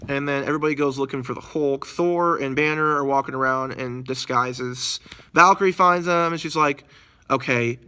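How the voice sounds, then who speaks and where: Bright-voiced excited movie reviewer man. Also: a little high, normal speed, clear, resonant tone. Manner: excited, rambling, slangy. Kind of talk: casual spoiler-filled movie recap.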